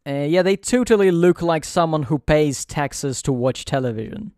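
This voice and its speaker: A man's voice: on the high side, expressive, normal speed, mellow, clean tone, no echo. A man giving dry, sarcastic gameplay commentary as host of a let's play.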